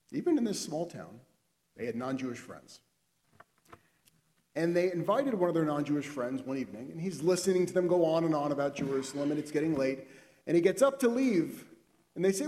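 A man giving a sermon, telling a story and acting out the characters' lines with lively expression. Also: fairly high pitch, moderate pace, pauses often. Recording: long hall reverb.

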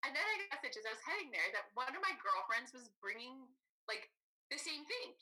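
A woman guest on a podcast, telling a story in a casual, animated way and laughing often. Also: sits high, a little fast, rough recording. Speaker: podcast guest, former competitor.

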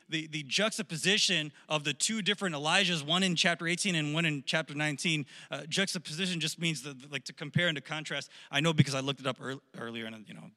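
A man's voice: on the high side, pushed and bright. A man in his thirties preaching a casual youth sermon, repeating words and leaning hard on key phrases. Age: 30s. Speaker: youth pastor. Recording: long hall reverb.

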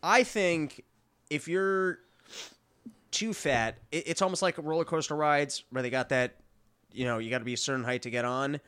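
A man co-hosting a casual chat, telling stories in an animated way. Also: fairly high pitch, normal speed, smooth. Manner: animated storytelling, laughing often.

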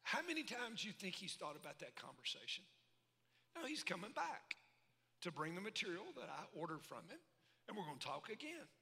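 Delivering a sermon in a big hall full of echoing reverb, a pastor speaks in a high, bright, creaky voice that bounces off the walls. He moves fairly quickly, folksy and animated, with call-and-response asides to the crowd.

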